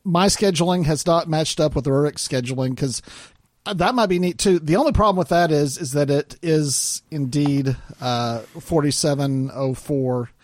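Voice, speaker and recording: A man's voice: on the high side, normal speed, no echo, studio quality. A man from Arkansas co-hosting a podcast, talking casually with lots of fillers and restarts. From Arkansas, United States. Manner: hesitant, many fillers and restarts. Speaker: podcast co-host. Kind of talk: casual chat.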